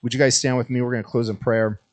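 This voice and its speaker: A man preaching a sermon to his church in a relaxed, joking way. His voice sits mid-pitch, and he slips into playful little voices when he tells a story before turning earnest in prayer. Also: fast. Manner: jokey storytelling, acts out voices. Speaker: pastor. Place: church sanctuary.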